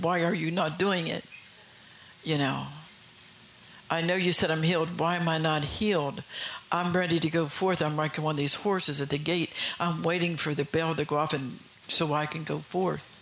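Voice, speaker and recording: Male preacher, gravelly, slightly high voice, fervent sermon with whispered asides. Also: a bit bright, slight background noise, low-quality recording. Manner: fervent, rhetorical questions to the congregation.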